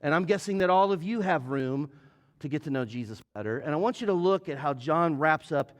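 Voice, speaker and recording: Male pastor, slightly higher voice, earnest sermon delivery, talks straight to the room. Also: animated, a little fast. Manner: earnest, direct appeals to the congregation. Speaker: lead pastor. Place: church sanctuary.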